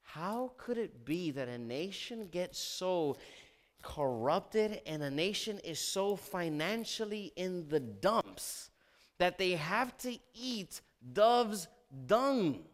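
Animated man preaching a sermon. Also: high voice, slow. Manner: animated, asks the congregation questions, dramatizes quotes. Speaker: pastor.

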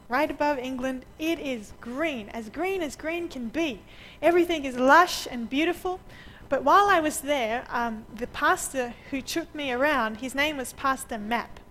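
A woman preaching a sermon, telling lively stories over slides and laughing often. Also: high voice, a little hiss or hum, poor audio. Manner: lively anecdotal storyteller who laughs often.

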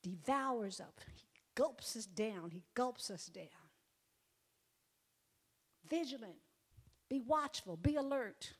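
A woman's voice: on the high side, lively intonation, takes it slowly, long pauses, breathy edge. A woman preaching a sermon, emphatic and repetitive, sometimes dropping to a near whisper. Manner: emphatic, repeats phrases, drops to near whispers.

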